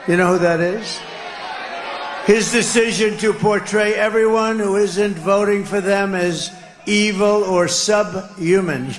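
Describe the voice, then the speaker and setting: A man's voice: sits high, slow pace. A man speaking at a political rally in a rambling, repetitive, mocking way. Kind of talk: rally speech. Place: outdoor rally stage. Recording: noisy rally clip with crowd ambience.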